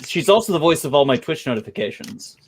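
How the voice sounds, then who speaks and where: A man's voice: fairly high pitch, very animated, fast, a little hiss or hum. A man hosting a geek podcast, chatting casually and announcing the show with a theatrical flair. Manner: theatrical, playful announcer delivery. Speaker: podcast host. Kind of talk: casual chat and show intro.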